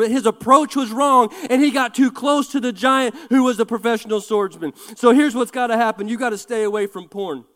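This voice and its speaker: A pastor with a strikingly high male voice delivers a fervent sermon, building to shouted peaks between casual asides. His words carry a long reverb from the church sanctuary. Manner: fervent, preaching with bursts of shouting and quick asides.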